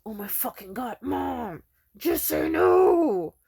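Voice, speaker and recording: A woman voicing a furious young man in his early twenties who whines and whisper-yells profanities. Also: a little high, lively intonation, fairly quick, husky. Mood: whisper-yelling. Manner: whiny, whisper-yelling, profane.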